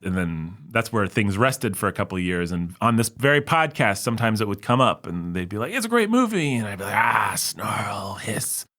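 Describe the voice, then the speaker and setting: A man's voice: on the low side, a little fast, hardly any pauses, fairly bright tone. A man co-hosting a movie podcast, rambling and self-mocking in a casual chat. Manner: rambling, self-mocking, mimics others in jokey voices. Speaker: podcast co-host.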